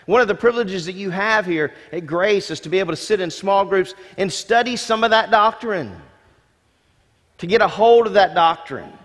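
A male pastor delivers a sermon in a high voice, pressing each point with repeated words and rhetorical questions. His voice rings out with a long reverb, as in a large church hall. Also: moderate pace, a bit bright. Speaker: senior pastor.

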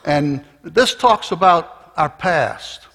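A man with a fairly high voice delivers a sermon at a very slow, deliberate pace, explaining points like a teacher and often restarting his phrases. His voice rings out with the long reverb of a large church hall. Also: expressive, a bit bright. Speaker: preacher.

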